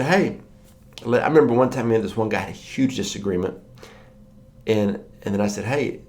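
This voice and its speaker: A man preaching a morning sermon in a conversational storytelling way, acting out the voices of the people he quotes. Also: medium pitch.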